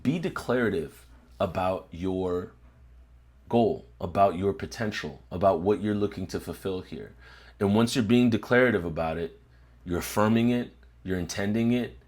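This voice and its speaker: A man's voice: low-pitched, darkish tone. A young man hosting his own channel, giving a reflective motivational talk to camera, often repeating words as he searches for them, then stating points firmly. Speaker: host.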